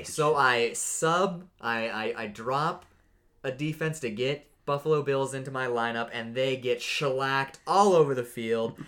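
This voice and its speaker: A man co-hosting a casual sports podcast, ranting with sudden jumps in excitement. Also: measured pace. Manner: animated ranting, pitch jumps when worked up. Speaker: podcast co-host.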